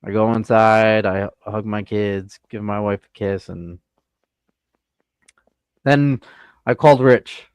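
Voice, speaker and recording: A man with a New England accent, co-hosting a fishing podcast and telling a story in casual chat, animated, with many stammered restarts. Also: on the low side, slow, pauses often, clear, resonant tone, no room sound. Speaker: podcast co-host.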